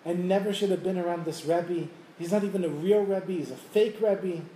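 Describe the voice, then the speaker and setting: A man's voice: sits high, fairly even intonation, normal speed, mellow, far from the mic, slight background noise, pitched above the performer's own voice, lightly acted. A man voicing a ruined former rich man who pleads and complains bitterly, in a roomy room with faint ambience. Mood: indignant. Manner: pleading, exasperated.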